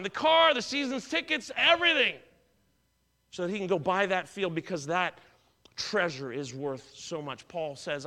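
A middle-aged pastor preaches in a high, bright voice. His delivery is easy and conversational, woven with stories from his own life, and he frequently stumbles and repeats words.

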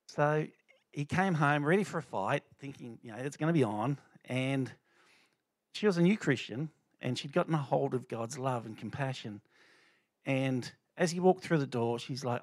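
A middle-aged man shares a testimony at church. His delivery is loose and conversational, full of fillers and restarts, pitched in an ordinary male range. The recording is dry, with no room echo. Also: moderate pace. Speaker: lay speaker sharing a testimony.

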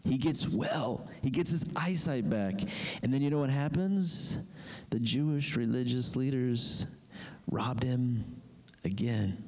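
A man preaching a sermon emphatically, with slow, drawn-out pauses. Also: medium pitch, expressive, a little mellow, poor audio. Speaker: pastor.

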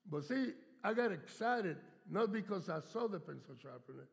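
A man's voice: high-pitched, animated, moderate pace, gravelly. A man in his seventies preaching a sermon as a guest speaker. He tells stories and stretches key words for emphasis. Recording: long hall reverb.

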